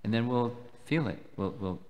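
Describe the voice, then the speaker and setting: A man giving a devotional lecture at a festival, explaining slowly and deliberately and taking questions. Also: medium pitch, dark tone. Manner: measured, explanatory, slow and deliberate. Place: temple hall. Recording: long hall reverb.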